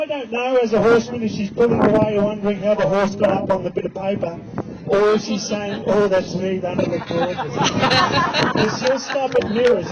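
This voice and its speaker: High-voiced Australian horse trainer joking. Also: male voice. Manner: joking, chatty showman. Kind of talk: live arena demonstration with commentary. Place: outdoor arena at a race track. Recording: lo-fi with loud outdoor ambience.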